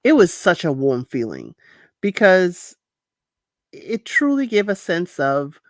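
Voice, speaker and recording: A woman hosting a casual reality show recap, animated and laughing often, acting out quotes in high voices. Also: takes it slowly, no echo, clean studio sound.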